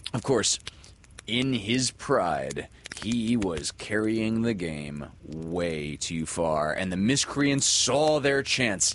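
A man reading a children's story aloud in an expressive, lilting storyteller manner. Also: sits low, takes it slowly. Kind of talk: storybook read-aloud narration.

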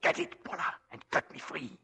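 An actor playing a desperate, scheming husband in a 1940s radio drama, with a pleading, urgent delivery. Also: male voice, moderate pace, sharp tone. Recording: old radio drama broadcast.

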